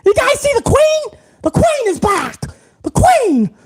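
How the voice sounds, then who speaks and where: A man mocking an overexcited wrestling fan in a shrill, squealing, high-pitched voice that keeps woo-ing. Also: huge pitch swings, takes it slowly, heavily acted. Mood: giddy mocking.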